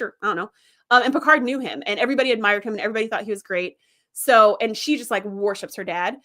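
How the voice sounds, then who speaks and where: A woman hosting a casual livestream, chatting about episodes with many fillers and lively retellings. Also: a little high. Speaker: host.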